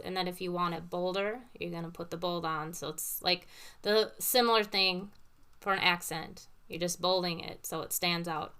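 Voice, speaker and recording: A woman piano teacher with a bright, crisp, smooth voice. She explains patiently, using everyday comparisons. Piano notes are heard between her phrases. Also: medium pitch. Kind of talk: casual teaching talk with demonstrations. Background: piano played between phrases.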